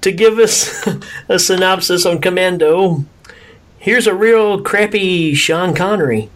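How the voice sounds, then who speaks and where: A man's voice: high voice, slow pace, fairly bright tone. A man co-hosting a movie podcast, jokey and often laughing in casual chat. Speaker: podcast co-host.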